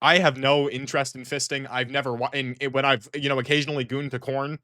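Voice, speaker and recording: A man's voice: medium pitch, flat delivery, fast talker, bright, forceful tone, dry recording, clean studio sound. A man giving comedic reaction commentary in an exasperated, rambling way, often restarting sentences. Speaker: online commentator.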